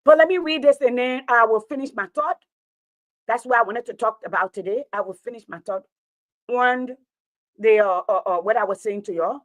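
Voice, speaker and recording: A woman's voice: a little high, normal speed, dry recording, rough recording. A woman, a teacher talking straight to her online audience in an impassioned, preachy monologue, repeating her points for emphasis.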